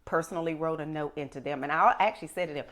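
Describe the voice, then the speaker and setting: Middle-aged woman host, low voice, emphatic and animated storytelling. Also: rapid-fire. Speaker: podcast host. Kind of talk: casual chat.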